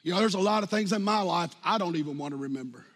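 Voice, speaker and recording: A man in his fifties preaching a sermon as pastor, animated, jumping from loud outbursts to hushed lines and acting out quotes. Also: high voice, fast talker. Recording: long hall reverb.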